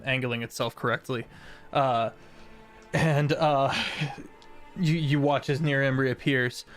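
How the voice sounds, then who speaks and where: A man running a tabletop game as game master, narrating with many fillers, restarts and laughs. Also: mid-range voice.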